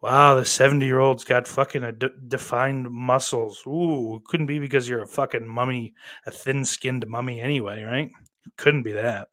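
A young man hosting a live stream in a loose, rambling way, cursing constantly. His delivery swings between loud ranting outbursts and low, subdued mumbling. His voice sits at an ordinary middle pitch for a man. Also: steady tone, normal speed. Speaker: streamer host. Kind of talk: casual live-stream commentary.

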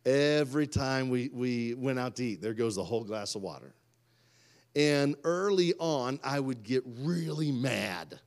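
A man, preaching a sermon and swinging from loud outbursts to quiet asides. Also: mid-range voice, animated, measured pace. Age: 30s. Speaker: pastor.

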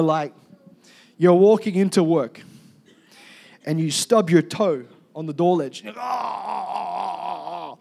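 Male pastor, high voice, loud and energetic sermon delivery. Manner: energetic, loud, calls for congregation responses.

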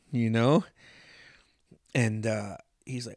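A man's voice: medium pitch, takes it slowly, no echo, clean studio sound. A man hosting a podcast, telling stories in casual chat and swearing often. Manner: swears a lot, animated storytelling. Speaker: podcast host.

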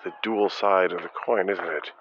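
Deep-voiced man rambling outdoors. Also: fairly even intonation, moderate pace. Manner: rambling, self-mocking and joking. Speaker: podcast host. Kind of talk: casual solo podcast monologue. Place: outdoors under flocks of flying geese. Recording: dull lo-fi outdoor recording with clear background noise. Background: honking geese and outdoor ambience.

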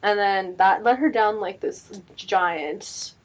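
A woman's voice: mid-range voice, slow, a loud crowd. A woman co-hosting a podcast in casual chat, laid-back and giggly, filling her recaps with "like". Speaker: podcast co-host. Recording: dull lo-fi sound.

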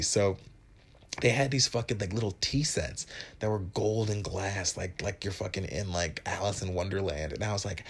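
A young man from Wisconsin hosts a podcast, rambling through a long story. He swears freely, cracks jokes, and slips into other people's lines in a raised voice. His natural speaking pitch sits on the low side. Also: moderate pace, husky. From Wisconsin, USA. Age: 20s. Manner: profane, joking, rambling, acts out other people's lines in a higher voice. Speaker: podcast host. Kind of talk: casual storytelling monologue.

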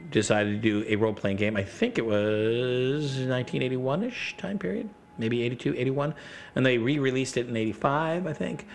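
A man's voice: medium pitch, moderate pace, gravelly, a little hiss or hum. A middle-aged man chatting casually as a podcast guest, rambling through gaming stories and acting out quotes. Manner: rambling storyteller, acts out quotes. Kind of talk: casual chat.

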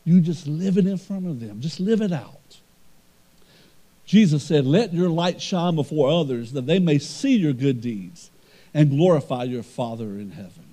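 Pastor, male, lively sermon delivery, warm dark voice. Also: fairly high pitch, moderate pace. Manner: preaching with rising emphatic swells and quiet storytelling asides.

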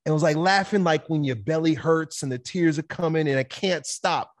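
A man talking as a podcast guest, telling a personal story in a candid, animated way, swearing now and then. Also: fairly high pitch, a little fast. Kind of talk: casual conversational storytelling.

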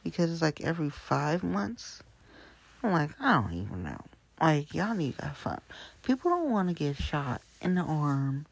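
A gravelly show host with a slightly husky, breathy edge rambles through the day's news in loose, chatty talk. The delivery wanders from point to point and keeps slipping into quiet, hushed asides. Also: mid-range voice, lively intonation, normal speed, no echo. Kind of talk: casual news chat. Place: Hamilton County area.

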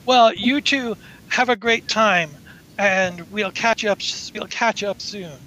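Man doing a female scientist, self-important, gushing, high, bright. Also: slow, a little hiss or hum, full character voice, rough recording. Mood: dismissive. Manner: effusive, then brushes people off.

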